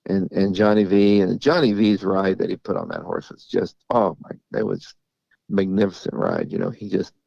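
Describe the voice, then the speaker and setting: A middle-aged man with a gravelly, fry-tinged voice speaks in a casual interview. He halts and repeats words as he tells his stories, laughing now and then. The sound is dry and dull. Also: sits low, very animated, normal speed, darkish tone, no room sound. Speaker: racehorse trainer. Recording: dull lo-fi audio.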